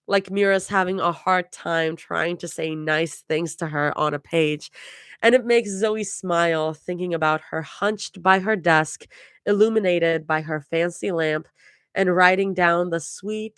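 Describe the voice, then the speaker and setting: Low-voiced woman reading a story. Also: smooth, no room sound, clean studio sound. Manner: laughs and restarts while reading. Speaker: fanfiction reader.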